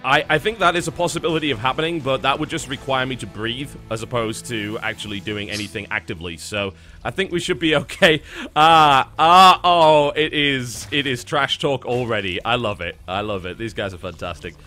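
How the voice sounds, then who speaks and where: A man's voice: mid-range voice, expressive, brisk, sharp tone, faint music behind. A man casting a live esports match, talking wryly and at length about the games and the format. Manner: wry, talkative play-by-play. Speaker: esports caster. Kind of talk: live game commentary.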